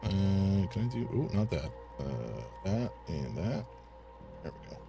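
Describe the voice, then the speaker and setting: A man streaming a mystery game, chatting casually and reading on-screen text aloud. His low voice swings widely in pitch as he talks. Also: very animated, a little slow, vocal fry, over music. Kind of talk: casual gameplay commentary.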